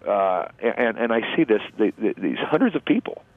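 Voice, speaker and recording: Earnest, halting male storyteller, fairly low voice, dry tinny phone sound. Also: big pitch swings, no echo. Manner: halting, earnest, emotional retelling. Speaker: interview guest. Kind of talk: personal storytelling. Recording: phone-like narrow line, dry.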